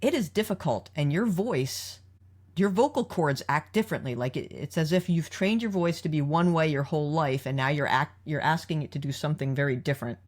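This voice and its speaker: A woman's voice: low voice, fairly quick. A woman hosting a podcast, talking through episodes in a casual, analytical way and asking her co-host questions. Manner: analytical, leads the discussion with questions.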